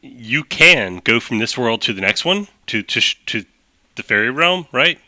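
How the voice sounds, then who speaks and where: A man's voice: medium pitch, lively intonation, normal speed, pushed and bright, no echo. A man narrating a tabletop game as game master, explaining rules at length with frequent restarts.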